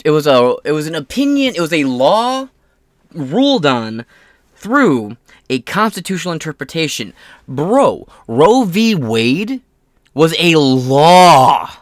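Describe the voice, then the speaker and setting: A man's voice: a little high, a bit bright, no echo, studio quality. A man giving a profane, mocking political rant, swearing constantly and sneering at his opponents. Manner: reads quotes aloud, mocks opponents in put-on voices. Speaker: political commentary host. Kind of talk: profane ranting commentary.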